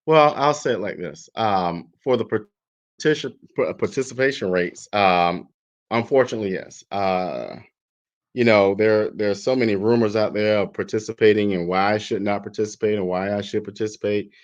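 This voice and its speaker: A man as a talk show guest, speaking in a measured, hesitant way with many pauses. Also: on the low side. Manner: measured, hesitant, lots of ums. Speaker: guest commentator. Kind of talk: casual talk show discussion. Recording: dull lo-fi line.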